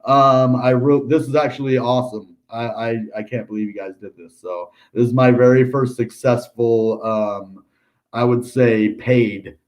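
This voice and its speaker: A man's voice: mid-range voice, fairly even intonation, a little slow, darkish tone. An American man hosting a crypto channel, talking casually through price charts with lots of filler words and upbeat asides. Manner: chatty, upbeat, lots of ums and dude. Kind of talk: casual chart analysis livestream.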